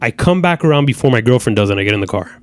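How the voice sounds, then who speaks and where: Rambling podcast host man, lively pitch. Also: racing. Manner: rambling, repeats himself, profane. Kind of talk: casual storytelling chat. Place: podcast studio.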